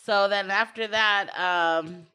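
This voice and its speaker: Animated, bright-voiced woman recapping gossip. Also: medium pitch, slow pace, smooth. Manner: animated storytelling, acts out quotes, laughs often. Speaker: co-host recapping a TV show. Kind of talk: casual chat.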